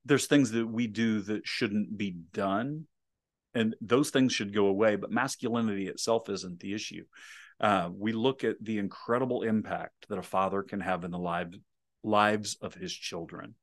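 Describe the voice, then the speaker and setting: A man hosting an interview, speaking in a measured and earnest way about faith and family. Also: lowish voice, no echo, studio quality. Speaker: interview host. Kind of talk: reflective faith interview talk.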